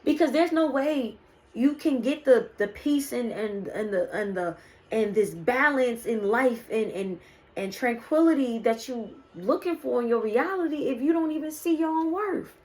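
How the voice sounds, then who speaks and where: A woman's voice: fairly high pitch, expressive, normal speed, a little mellow. A woman doing a casual spiritual card reading, preaching to her viewers and calling them "y'all" and "baby". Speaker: spiritual reader.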